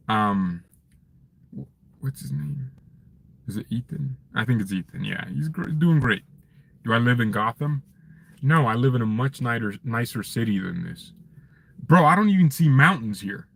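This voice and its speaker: A creaky, medium-pitched male voice belongs to a fan channel host streaming from his parked car. He talks casually with his audience, animated and joking as he rants.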